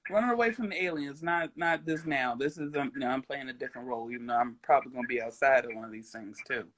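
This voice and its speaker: A woman's voice: very deep voice, fast. A young adult woman hosting a casual livestream interview, playful and rambling, breaking into giggles and silly sound effects. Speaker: host.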